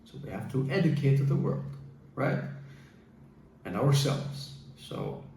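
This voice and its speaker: A man's voice: mid-range voice, huge pitch swings, slow pace, creaky, mellow. A man giving casual relationship advice in a hesitant, coaching way, with many fillers and restarts. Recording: echoey room, far from the mic, faint hiss.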